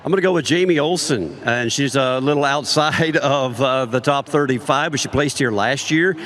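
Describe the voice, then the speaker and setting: A man's voice: mid-range voice, moderate pace, a bit bright. A man analyst in a casual panel chat, confident and making his case with numbers. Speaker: rodeo analyst.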